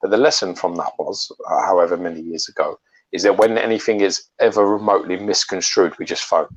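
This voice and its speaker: A man's voice: low voice, a little fast, husky, lo-fi sound. A man co-hosting a casual chat, telling stories with restarts and repeated words. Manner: animated storyteller, repeats words when starting sentences. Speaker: co-host of a collectibles chat show.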